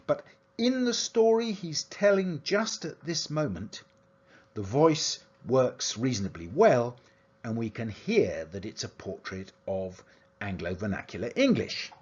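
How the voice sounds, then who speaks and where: Husky lecturer with a lively, rising voice. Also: male voice, mid-range voice, measured pace, lo-fi sound. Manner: explanatory, analytical delivery with lively intonation. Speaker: university lecturer. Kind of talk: academic lecture.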